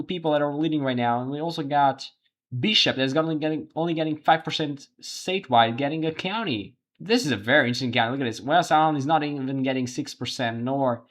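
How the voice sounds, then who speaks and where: Man thinking aloud over live results. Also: mid-range voice. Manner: thinking aloud, halting with restarts. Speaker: livestream host. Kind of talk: live election results commentary.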